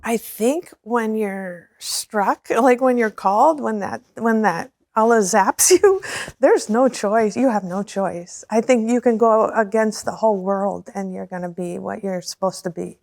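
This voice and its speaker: A woman's voice: medium pitch, unhurried, vocal fry, darkish tone, no echo. A middle-aged woman as an interview guest, telling her personal story earnestly, repeating words and laughing often.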